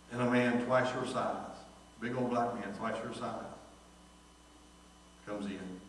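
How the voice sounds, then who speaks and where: A man's voice: mid-range voice, a bit bright, a little hiss or hum. A man, preaching a sermon as pastor and telling a story in which he acts out the dialogue. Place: church sanctuary. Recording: echoey church hall from far off.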